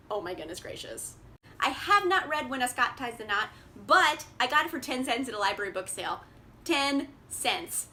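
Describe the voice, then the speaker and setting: In a casual book haul chat, a bubbly young woman talks about her new books with plenty of fillers and laughter. Her voice sits on the high side with a sharp tone, and the indoor camera-mic recording carries a little hiss or hum.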